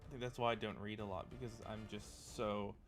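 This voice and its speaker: A man livestreaming, reading a game blog aloud with excitable, rambling commentary while sleepy and yawning often. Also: fairly low pitch, a little fast, soft background music. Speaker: gaming streamer.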